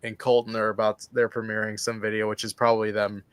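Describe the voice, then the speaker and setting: A man co-hosting a podcast in casual chat, animated at times and acting out what others might say. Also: on the low side, fast talker, smooth, dry recording. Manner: animated, laughs, acts out quotes. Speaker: podcast co-host.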